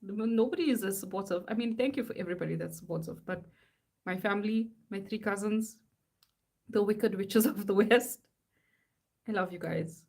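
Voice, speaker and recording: A woman's voice: medium pitch, darkish tone. A woman, chatting casually while she works on art. She reads silly slogans aloud in a playful, mock-serious chant. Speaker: artist live-streaming.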